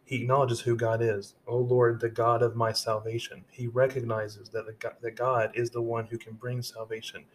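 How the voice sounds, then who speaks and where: A man's voice: medium pitch, little pitch movement, moderate pace, few pauses, slight background noise. A man hosting a devotional podcast, reading scripture aloud and then explaining it in a casual way with frequent restarts. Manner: reads verses aloud, then paraphrases them in casual speech with many restarts. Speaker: podcast host.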